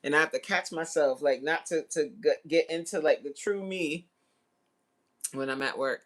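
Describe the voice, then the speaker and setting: A woman in her forties hosting a casual livestream and chatting with viewers. She is slangy and laughs often, with sudden jumps into high exclamations. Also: moderate pace. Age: 40s. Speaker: livestream host. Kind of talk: casual live chat reading viewer comments.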